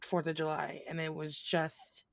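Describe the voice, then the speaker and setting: A woman co-hosting a podcast in casual chat, relaxed, with dry remarks. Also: low-pitched, measured pace, creaky, no echo.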